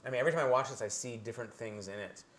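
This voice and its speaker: A man's voice: medium pitch, racing. A man from Canada giving a live presentation to an audience, earnest and searching, with many restarts.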